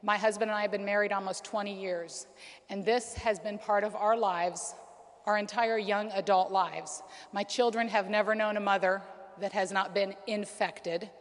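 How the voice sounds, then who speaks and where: A conference speaker in her forties tells her personal story with earnest feeling, in a hall with noticeable reverb. Her mid-range voice stays steady at a moderate pace, though she frequently says um and restarts.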